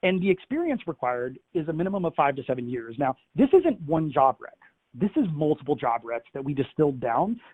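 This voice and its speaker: A man's voice: on the high side, sing-song, brisk. Man presenting a webinar over a tinny line. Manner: conversational, many fillers, emphatic asides. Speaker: industry analyst presenting a webinar.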